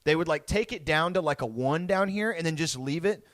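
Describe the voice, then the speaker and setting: A man's voice: fairly high pitch, lively intonation, brisk, fairly bright tone, no room sound. A young man hosting a podcast, telling a childhood story in a rambling, profane, laughing way. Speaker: podcast co-host. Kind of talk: casual storytelling.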